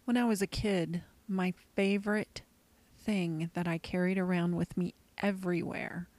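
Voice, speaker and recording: A woman's voice: medium pitch, moderate pace, a little mellow, dry recording. A woman co-hosting a show, telling a childhood story in a wistful, earnest way. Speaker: co-host. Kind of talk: personal storytelling.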